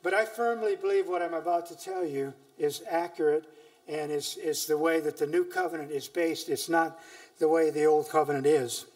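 Earnest preacher, higher-pitched man, off-mic. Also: steady tone, normal speed, a little mellow, recorded from a distance. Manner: earnest, emphatic scripture reading with frequent hesitations. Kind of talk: sermon. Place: church.

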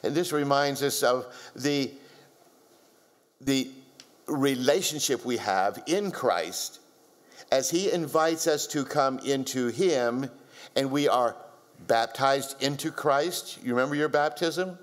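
A man's voice: mid-range voice, measured pace. A man preaching a sermon in an earnest way, building up to strong emphasis. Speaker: pastor.

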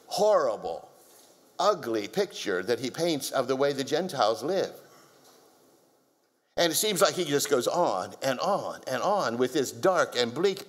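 A man preaching a sermon in an earnest way, building up to strong emphasis. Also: mid-range voice. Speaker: pastor.

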